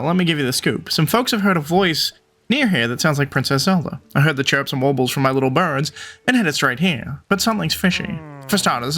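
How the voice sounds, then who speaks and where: A man's voice: fairly high pitch, gravelly, a bit bright, heavily acted. A man voicing an eager male bird reporter in a game, friendly and jumpy, who keeps calling the listener partner. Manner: upbeat, calls listener partner.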